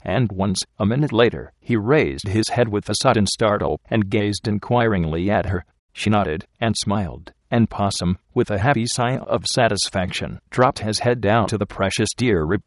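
Low-voiced male audiobook narrator. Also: normal speed, no echo, clean studio sound. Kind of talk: storybook narration.

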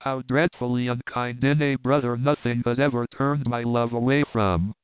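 Male reader as tearful English spinster, plaintive, smooth mid voice, tinny dry audio. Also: mid-range voice, fairly even intonation, normal speed, no echo, close to an everyday voice. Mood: tearful pleading. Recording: dry tinny phone-like sound.

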